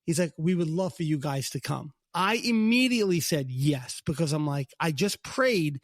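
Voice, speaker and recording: A middle-aged man with a Brooklyn accent tells a personal story on a casual faith podcast, talking in a rather high voice. He acts out the lines of others as he goes. The recording is dry and close, with no room sound. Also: moderate pace, no room sound. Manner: animated storyteller, acts out God's lines in a higher voice. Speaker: podcast co-host.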